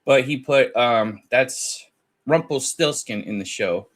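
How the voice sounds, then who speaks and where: A man's voice: mid-range voice, takes it slowly. A man hosting a casual commentary video, chatting and laughing as he retells online drama and quotes both sides of a chat. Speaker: commentary channel host.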